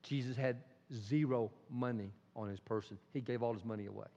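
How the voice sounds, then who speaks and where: A man preaching a sermon as a pastor, swinging between loud and hushed delivery and acting out quotes. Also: medium pitch, fairly even intonation, brisk. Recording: dull sound in a reverberant hall.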